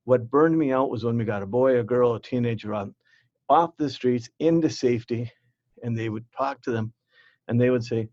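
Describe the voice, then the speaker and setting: A man's voice: medium pitch, moderate pace, a little mellow, no echo. A man speaks earnestly in a candid interview, circling back on his words and slipping into the voices of the people he recalls. His voice sits in a middle register. The sound is dry and a little dull. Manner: earnest, repetitive, acts out quoted voices. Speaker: interview guest, former youth outreach worker.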